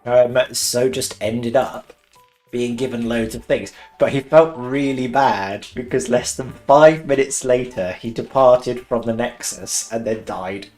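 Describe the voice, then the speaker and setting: Excitable man streaming a game. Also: medium pitch, measured pace. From West Country, England. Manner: excitable, laughs often, swears. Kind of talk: casual live-stream chat while gaming. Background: faint cheerful game music.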